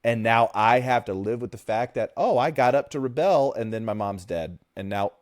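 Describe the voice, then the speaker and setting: A man co-hosting a podcast, talking animatedly in quick bursts and retelling scenes. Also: mid-range voice, no echo, studio quality. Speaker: podcast co-host. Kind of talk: casual podcast chat.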